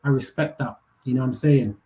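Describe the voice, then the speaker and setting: A man's voice: mid-range voice, a little fast, warm tone. A young man, hosting a live panel and ranting bluntly with heavy swearing, street slang and repeated words. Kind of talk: casual rant.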